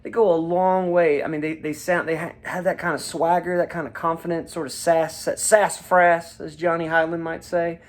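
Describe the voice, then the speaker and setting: A man's voice: on the high side, level tone, normal speed, few pauses. A man hosting a casual guitar lesson, folksy and chatty, often checking in with his listeners. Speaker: guitar teacher and show host. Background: his own guitar playing.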